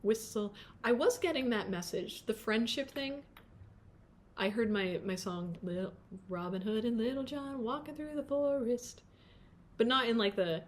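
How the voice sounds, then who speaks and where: A woman's voice: on the high side, expressive, unhurried. A woman doing a pick-a-card tarot reading, chatty and playful, often breaking off mid-thought and laughing at herself. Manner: chatty, self-interrupting, sings snatches of song.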